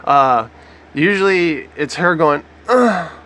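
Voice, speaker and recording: A man's voice: on the high side, normal speed, sharp tone. A man giving sarcastic, profane commentary over a news clip. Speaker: online commentator.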